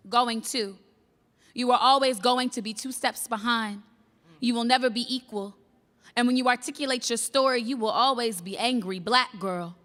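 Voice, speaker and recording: A woman's voice: high-pitched, pushed and bright, big-room sound. A woman performing spoken word poetry on stage, rhythmic and declamatory. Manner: declamatory, rhythmic, building intensity. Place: large hall stage before an audience.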